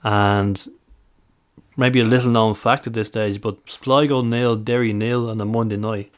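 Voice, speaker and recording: A man's voice: on the low side, fairly even intonation, a little slow. A man co-hosting a casual podcast, methodically reeling off stats, dates and records. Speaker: podcast co-host, stats presenter.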